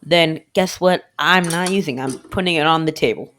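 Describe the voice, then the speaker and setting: A woman's voice: sits low, normal speed, a bit bright, a little hiss or hum. A woman casually narrating a home cooking video, joking to herself and filling gaps with "anyway". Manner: rambling, jokey, keeps saying "anyway"; talks to self and the viewer.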